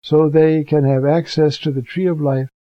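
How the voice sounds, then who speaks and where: A man's voice: fairly high pitch, level tone, normal speed, dry recording. An older man, a priest, giving a conversational, earnest commentary on scripture readings for preachers. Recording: dull, dry recording.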